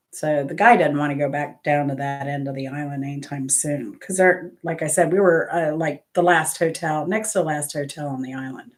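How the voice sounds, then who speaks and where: A woman hosting a trivia channel, chatting casually and wandering through travel anecdotes, correcting herself as she goes. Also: low voice. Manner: rambling travel anecdotes with self-corrections and laughs. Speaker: host of a music trivia channel. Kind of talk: casual chat.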